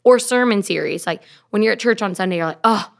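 A woman's voice: mid-range voice, quick pace, vocal fry. A young woman co-hosting a casual faith podcast, chatty, laughing easily and filling her talk with "like". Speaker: podcast co-host.

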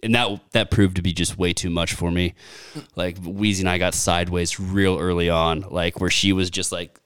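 Man co-host, thirties, low smooth voice, animated swearing storyteller, dry close mic. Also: normal speed, no echo. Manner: animated storyteller, swears freely, acts out quotes. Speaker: podcast co-host. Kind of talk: casual golf podcast chat.

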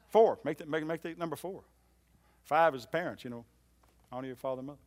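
A man preaching a sermon in a church, swinging from loud emphatic lines to soft low ones and repeating phrases for emphasis. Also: fast, long pauses. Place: church hall.

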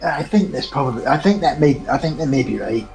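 A man voicing Zibby, a gravelly-voiced adventurer with a dry, teasing wit, speaks in a tabletop role-play at an ordinary middle pitch. Faint music plays behind him. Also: lively intonation, brisk, darkish tone, rough recording. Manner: dry, teasing humor, skeptical. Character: wry, joking male adventurer named Zibby.

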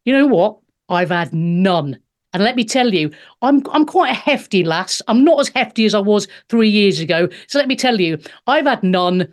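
A woman's voice: medium pitch, lively intonation, moderate pace. A woman in her fifties, a stand-up comedian hosting a show, sarcastically reading out and mocking news headlines, swearing freely. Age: 50s. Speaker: host.

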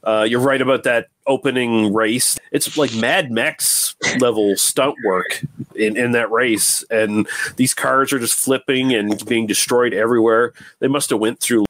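A man's voice: medium pitch, steady tone, a little slow, a bit bright. A man chatting casually about a film, rambling with lots of fillers, laughing and swearing.

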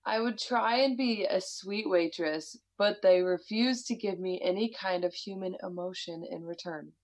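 A woman's voice: medium pitch, moderate pace, rough recording. A woman with an American accent, casually chatting and reading a listener's story aloud, laughing often and swearing freely. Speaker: podcast co-host.

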